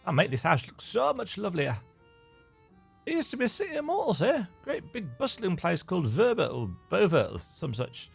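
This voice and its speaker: A man's voice: sits high, wildly swooping pitch, moderate pace, vocal fry, breathy edge, soft background music, pitched above the performer's own voice, heavily acted. A man voicing a mischievous, fun-loving pixie fairy in a video game, reading its lines aloud in a sing-song, teasing way with an attempted Scottish lilt.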